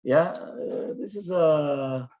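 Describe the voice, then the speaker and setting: A man, a rabbi, teaching a Talmud class in an animated way, often checking in with questions. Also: a little high, drawn-out words. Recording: dull lo-fi recording.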